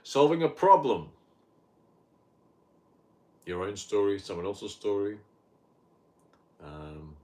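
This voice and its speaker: A man's voice: on the low side, sing-song, slow pace, long pauses, darkish tone. A man in his fifties with an Australian accent, hosting a casual health podcast monologue in a rambling, blunt and sardonic way.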